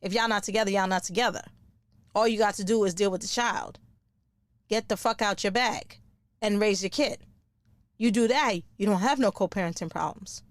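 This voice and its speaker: A woman's voice: medium pitch, normal speed, dry recording. Blunt, foul-mouthed woman podcast host. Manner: blunt, swearing, laughing at her own jokes. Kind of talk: profane comedic rant.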